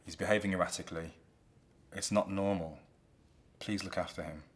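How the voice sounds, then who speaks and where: A man voicing an earnest youngest daughter of a king, hurried and pleading. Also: low voice, fairly even intonation, natural voice.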